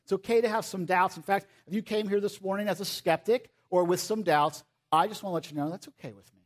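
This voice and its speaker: A man preaching a sermon, animated, acting out quoted voices and dropping to soft pleading. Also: high-pitched, fast talker. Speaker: pastor.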